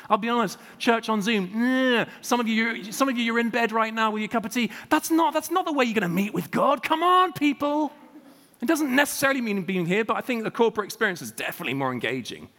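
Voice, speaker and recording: A man preaching a sermon as a guest speaker, telling revival stories with emphatic rhetorical questions and animated delivery. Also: high voice, fast talker, hardly any pauses, big-room sound.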